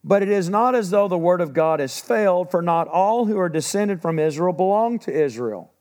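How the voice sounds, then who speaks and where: A man's voice: high voice, lively intonation, normal speed, a little mellow. A middle-aged man preaching a sermon, reading scripture aloud and then explaining it in casual asides. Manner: reads verses then breaks into casual asides.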